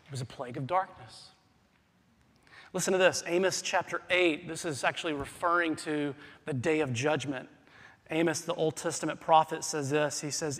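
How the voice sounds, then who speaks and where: A man with a high-pitched voice delivers a sermon in a church sanctuary. He drops to a hush and then builds to loud, urgent emphasis, and a long hall reverb trails every phrase. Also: moderate pace. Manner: dynamic preacher, swings from hushed to loud. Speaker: pastor.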